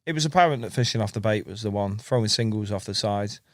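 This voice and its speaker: A man's voice: on the low side, quick pace, no echo, clean studio sound. A man, telling rambling fishing stories as a podcast guest, laughing and calling people mate. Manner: rambling, laughing, repeats words, says mate a lot. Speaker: podcast guest, carp angler. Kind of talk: casual storytelling chat.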